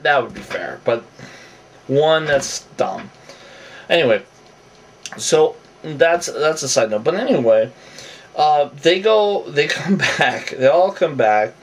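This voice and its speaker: A man's voice: medium pitch, recorded from a distance. A man giving off-the-cuff, opinionated commentary that rambles with asides and restarts.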